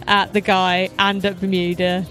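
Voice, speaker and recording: A woman's voice: fairly low pitch, completely flat delivery, moderate pace, a bit bright, soft background music, low-quality recording. A woman playing in a tabletop game, describing her character's actions in a dry, matter-of-fact way. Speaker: player. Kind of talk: casual tabletop game chat.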